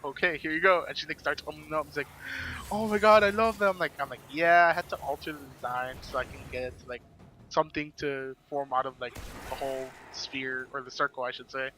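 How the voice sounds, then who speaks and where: A man's voice: mid-range voice, steady tone, quick pace, pushed and bright, a little hiss or hum. A man chatting casually as a podcast guest, telling a rambling story and acting out quoted lines. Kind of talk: casual chat.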